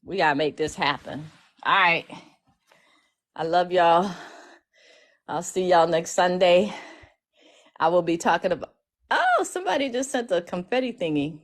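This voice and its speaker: A woman's voice: fairly low pitch, animated, measured pace, pauses often. A woman speaking, casually chatting to her followers on a livestream, emotional and full of restarts. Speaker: legal educator streaming live.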